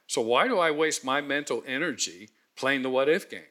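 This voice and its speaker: A man preaching a sermon, dramatic and animated, acting out scripture scenes with emphatic pauses. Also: mid-range voice. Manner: dramatic, voices the angel with thunderous emphasis. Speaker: pastor.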